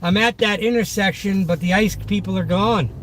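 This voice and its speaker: Inside a car in the city, a Boston man from Massachusetts, a delivery driver, streams live and chats with viewers while driving. His voice sits high at a normal speed, and he's chatty, upbeat, and boastful. Car and road noise are in the background.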